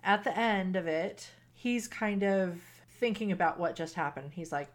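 Woman podcast host recapping a romance novel, lively, quoting the characters, laughing a lot. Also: fairly low pitch, normal speed, hardly any pauses. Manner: animated retelling, quoting characters, laughs often. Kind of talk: casual chat.

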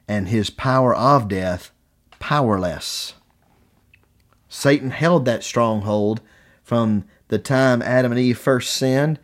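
Male preacher, lowish voice, slow and deliberate sermon delivery with emphatic pauses.

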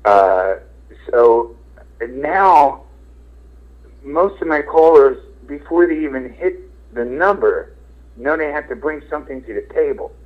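Through a tinny, phone-like radio sound comes a middle-aged Philadelphia comedian and radio host speaking in a fairly high, expressive voice, slowly and with long pauses. He's casual and frank in the interview, rambling with lots of fillers and casual cursing.

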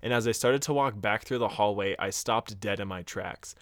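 A man on a podcast retells a spooky encounter in a loose, chatty way, slipping into voices for the people in the story. His voice sits fairly low, and the sound is dry and close. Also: moderate pace, fairly bright tone, no echo. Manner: retells a scary story, acting out quotes, laughing, swearing. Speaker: podcast co-host. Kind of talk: casual storytelling chat.

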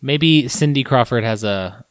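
A man's voice: mid-range voice, measured pace, clear, resonant tone, no echo, clean studio sound. A man co-hosting a casual wine tasting chat, rambling and laughing at himself. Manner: rambling, self-deprecating, laughs often. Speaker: co-host of a wine tasting show.

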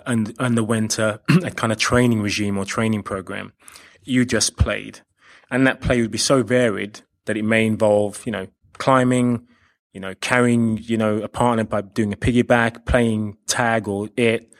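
Casting: London guest, lowish male voice, measured and fluent. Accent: London English. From London, England. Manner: thoughtful, fluent, with frequent "you know". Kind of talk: interview answers.

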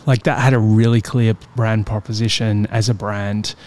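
A man's voice: fairly low pitch, flat delivery, normal speed, a little mellow. An Australian man hosting a podcast, asking long, reflective questions full of fillers. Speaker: podcast host. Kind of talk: interview conversation.

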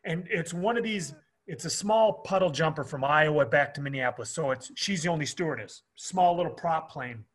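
Husky man telling profane stories. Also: on the high side, a little fast, few pauses. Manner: profane, animated, acts out the people in his stories. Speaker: guest, former pro wrestler. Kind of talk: casual storytelling interview.

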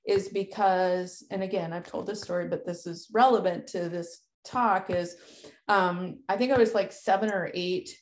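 A woman's voice: on the low side, steady tone, normal speed. Candid storytelling woman, echoey room. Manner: candid, swears freely, lots of filler words. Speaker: podcast host. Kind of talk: casual conversation, personal storytelling.

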